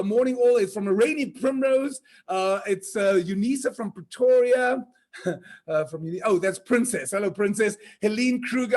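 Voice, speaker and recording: A very high-pitched man hosts an online conference. He keeps the tone playful and upbeat, teases his audience and reels off the names of people checking in. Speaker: conference host. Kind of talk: energetic virtual event hosting.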